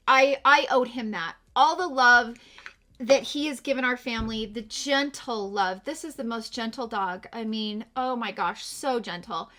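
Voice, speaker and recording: A woman's voice: on the high side, sharp tone. A middle-aged woman chatting heartfelt with her viewers while doing her makeup, tearful after a morning of crying. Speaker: beauty vlogger. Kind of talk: casual get-ready-with-me chat.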